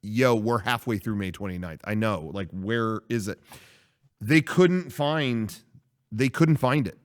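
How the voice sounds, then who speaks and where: A man's voice: fairly low pitch, a little slow. A man co-hosting a casual podcast, telling a rambling story with frequent swearing. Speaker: podcast co-host.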